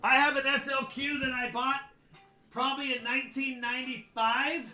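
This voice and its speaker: A man hosting a live coin auction stream, chatty and excitable, joking as he shows coins. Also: very high voice, moderate pace, soft background music. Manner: chatty, excitable, jokes while showing coins. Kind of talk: casual live auction chat.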